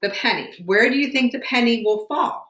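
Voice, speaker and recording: Bright-voiced woman teacher in an echoey room. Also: on the high side, fairly quick. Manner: patient, encouraging classroom questioning. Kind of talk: home science lesson to students. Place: home room.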